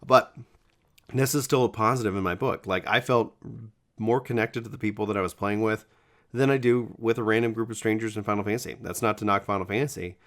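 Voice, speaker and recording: A man's voice: lowish voice, steady tone, a little fast. A gaming video creator talking casually to his viewers, rambling and self-correcting with enthusiasm, his voice cracking now and then. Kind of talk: casual talk to camera.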